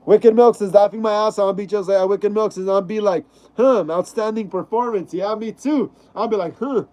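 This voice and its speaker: A man's voice: high-pitched, a little mellow. A young man casually hosting a live stream, reading chat messages aloud and stumbling over names. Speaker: livestream host.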